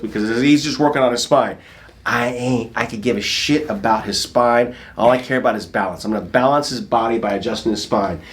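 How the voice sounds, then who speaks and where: A man's voice: medium pitch, brisk. A man working as a chiropractor, talking to camera while treating a patient, brash and profane.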